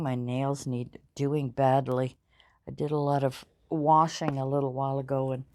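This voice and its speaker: A woman's voice: low voice, darkish tone. An older woman chatting casually while she crafts, rambling and self-deprecating, with many fillers. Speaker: crafting channel host. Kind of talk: casual crafting vlog chat.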